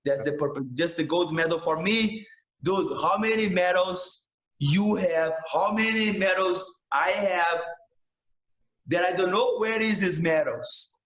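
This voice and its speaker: A man's voice: sits high, unhurried, fairly bright tone, reverberant, poor audio. A man, a jiu-jitsu instructor talking passionately in a casual podcast interview, filling his speech with "man" and "bro".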